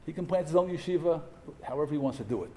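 A man's voice: fairly high pitch, lively intonation, racing, warm tone. Emphatic man giving a sermon. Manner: emphatic, rhetorical questions, mixes Hebrew and Yiddish terms. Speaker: rabbi giving a memorial talk. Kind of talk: sermon to a yeshiva audience.

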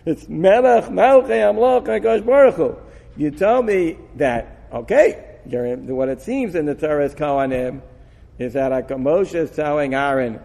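A man giving an animated Torah lecture, acting out dialogue with frequent laughs. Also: on the high side, a little slow, vocal fry. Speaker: Torah teacher. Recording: long hall reverb.

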